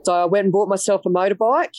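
A woman's voice: mid-range voice, fast, darkish tone, no room sound, low-quality recording. Blunt Australian woman telling her story. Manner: blunt, frank, swears freely. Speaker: police detective sergeant, podcast guest. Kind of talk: candid interview storytelling.

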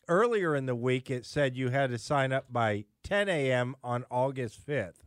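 A man's voice: medium pitch, expressive, normal speed, clean tone, no echo, clean studio sound. A man appearing as a guest on a talk radio show, speaking emphatically and indignantly, with frequent restarts.

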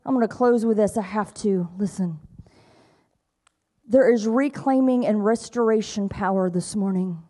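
A woman's voice: mid-range voice, measured pace, mellow. A woman preaching a sermon, retelling stories with lots of repetition and coaxing the congregation to respond. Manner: urges and coaxes the congregation.

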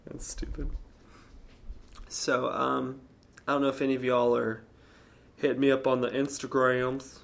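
A man in his thirties telling a story casually, animated and swearing, acting out quotes in a higher voice. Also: normal speed, vocal fry. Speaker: vlogger.

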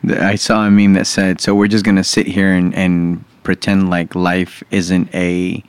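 A man's voice: low voice, level tone, unhurried, clean tone, no room sound. A man co-hosting a podcast, dropping short teasing one-liners into casual chat. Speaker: podcast co-host.

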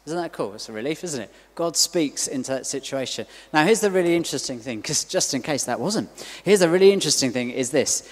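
Middle-aged man, slightly high voice, relaxed conversational preacher who keeps throwing out questions, long church reverb. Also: fast talker. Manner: conversational, full of asides and rhetorical questions. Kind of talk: sermon.

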